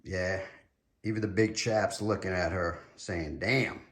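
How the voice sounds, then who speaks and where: Male host with a New York accent, low voice, unhurried delivery, chatty unboxing patter, recorded off-mic in an echoey room. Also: fairly even intonation, far from the mic. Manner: chatty, hypes his reveals, talks straight to viewers. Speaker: collectibles reviewer. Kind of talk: casual unboxing video.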